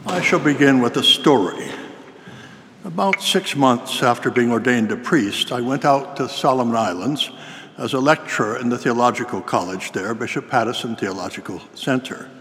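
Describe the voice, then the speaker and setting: An older man preaching a sermon in a cathedral, telling a story in a measured, formal way. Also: medium pitch, fairly bright tone. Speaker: priest. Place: large cathedral. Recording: long cathedral reverb.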